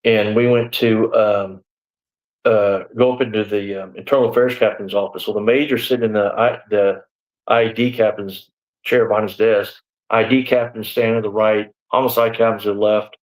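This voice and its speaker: The voice is lowish and fairly even, moving at an ordinary pace, and the recording quality is low. It belongs to a former deputy in his sixties giving a live interview about his past. He tends to ramble a little, uses "you know" and "man" a lot, and dramatizes the dialogue of people he quotes.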